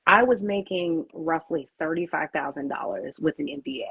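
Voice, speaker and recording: A woman's voice: deep voice, moderate pace, gravelly, slightly rough, dry recording, narrow, tinny audio. A woman who founded a PR agency, answering interview questions with candid storytelling and acting out her own inner thoughts.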